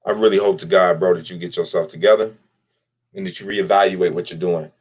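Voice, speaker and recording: Speaking fairly quickly with fairly even intonation, this vlogger has a low voice with a breathy edge. He bluntly and profanely addresses the person he criticizes straight to camera, repeating lines for emphasis.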